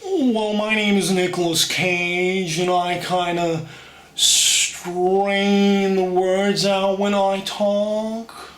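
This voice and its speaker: A man putting on a drawling male movie actor voice, straining the words out very slowly. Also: high voice, steady tone, fairly bright tone, exaggerated voice. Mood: strained. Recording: echoey room from a distance.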